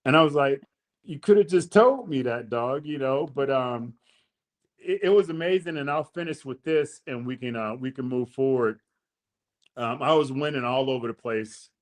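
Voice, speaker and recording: Man telling a lively slangy story. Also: medium pitch, moderate pace. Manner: animated, slangy storytelling with acted-out quotes. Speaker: podcast host. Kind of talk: casual storytelling chat.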